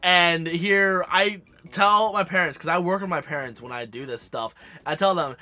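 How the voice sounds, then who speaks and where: High, bright-voiced sassy young man. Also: normal speed. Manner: animated, sassy, swears freely. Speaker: gaming vlogger. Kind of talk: casual storytelling to camera.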